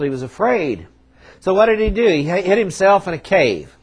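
A man delivering a sermon in a somewhat high voice. He preaches emphatically, slowing down and dropping his volume for dramatic effect. Now and then he slips into the voices of the prophets he quotes, still talking plainly. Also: very animated, breathy edge. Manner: emphatic preaching with dramatic pauses and shifts in loudness; acts out quoted prophets and God in conversational voice. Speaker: pastor.

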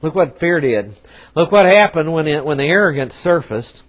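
A man preaching a sermon, emphatic, with dramatic pauses and swings in loudness, acting out quoted prophets in a conversational voice. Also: fairly high pitch, lively intonation. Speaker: pastor.

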